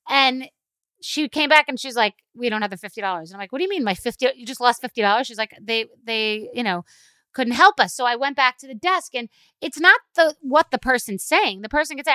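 A woman's voice: sits high, brisk, clear, resonant tone, dry recording. Fired-up woman ranting, dry close mic. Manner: animated, mocks a calm whispery customer-service voice. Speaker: podcast host. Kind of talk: solo ranting podcast talk.

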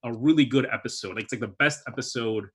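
A young man talking through movies in a relaxed podcast chat. His voice is husky and bright with an edge, and he gets animated and laughs easily. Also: mid-range voice, quick pace. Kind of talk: casual movie discussion.

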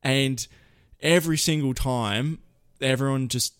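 A man's voice: mid-range voice, a little slow, clean tone, no echo, studio quality. Chatty man giving casual tutorial tips. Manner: lively, rambling, frequent self-corrections. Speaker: presenter giving storytelling tips.

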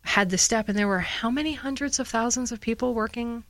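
A woman's voice: on the high side, fairly quick, a bit bright, no echo. A woman from the northern United States hosts an interview show. She talks with open enthusiasm and piles on praise for her guest. The sound is dry and close. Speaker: talk show host.

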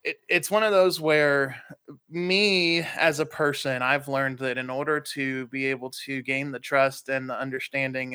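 A man talking earnestly and reflectively as a podcast guest, pausing and restarting as he searches for words. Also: medium pitch, sharp tone, clear, resonant tone, no echo. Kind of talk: casual interview conversation.

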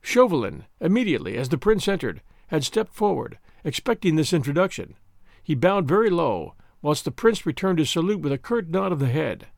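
Male narrator, expressive theatrical reading, lively pitch. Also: brisk, gravelly, no echo, studio quality. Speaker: audiobook narrator. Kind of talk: scripted narration.

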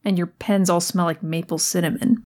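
A dry, sarcastic young woman, endlessly exasperated with her roommates, as played by a woman. Her voice sits slightly low, and her lines are from a comedy audio play. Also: fairly even intonation, moderate pace, a little mellow, lightly acted.

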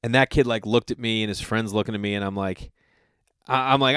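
A man's voice: fairly low pitch, quick pace, clean tone, no room sound, clean studio sound. A man telling a comic story in a loose monologue, swearing freely and acting out what other people said. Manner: animated, profane, acts out other people's lines.

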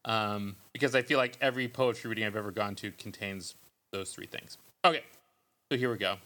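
A man's voice: fairly low pitch, fairly even intonation, a little fast, pushed and bright. A man hosting a podcast in casual, joking chat, loose and full of ums. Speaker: podcast host.

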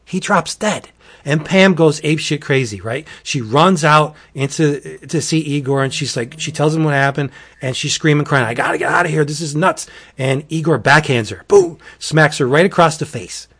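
A man with a fairly high pitch talks at a normal speed while chatting casually as a podcast host. He animatedly retells a wacky horror comic, acting out its quotes and using the word "wackadoodle."

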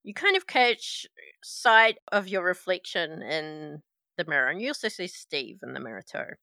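A woman narrating a tabletop role-playing game as game master, in a lively descriptive way. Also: lowish voice, normal speed, no room sound.

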